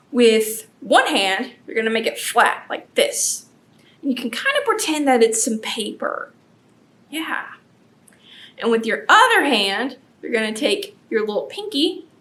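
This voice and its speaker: A woman leading a children's storytime as librarian, animated and gasping with exaggerated delight for the kids. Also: fairly high pitch.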